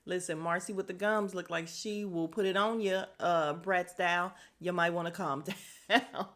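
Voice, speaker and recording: A woman's voice: lowish voice, steady tone, normal speed, fairly bright tone. A woman hosting a casual podcast, recapping a reality show bluntly and swearing freely. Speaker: podcast host.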